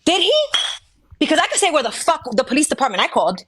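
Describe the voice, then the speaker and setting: A woman's voice: high-pitched, sing-song, fast, fairly bright tone. A woman in a heated live argument, confrontational and taunting with constant swearing. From Georgia, US. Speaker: live stream participant.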